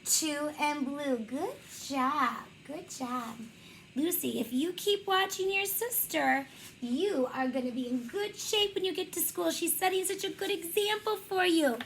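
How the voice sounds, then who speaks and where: A woman teacher reading a picture book aloud to young children, slow and encouraging, praising them often. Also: high voice, a bit bright, slight background noise, poor audio.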